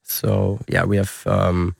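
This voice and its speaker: A man's voice: low voice, completely flat delivery, slow pace, vocal fry, darkish tone, husky, no room sound, clean studio sound. A young man with a German accent, a radio guest speaking English, hesitant and giggling between his words. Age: young adult.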